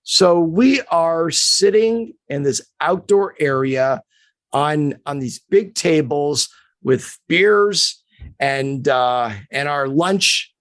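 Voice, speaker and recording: A male sports agent telling a story on a podcast, animated and acting out the quotes, in a dry, close recording. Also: on the high side, drawn-out words, no room sound.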